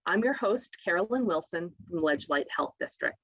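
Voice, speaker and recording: Low-voiced woman hosting a health show. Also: expressive, a little fast, fairly bright tone, breathy edge, dry recording, rough recording. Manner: upbeat, encouraging interviewer. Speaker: TV show host. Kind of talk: local TV health interview. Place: local TV studio.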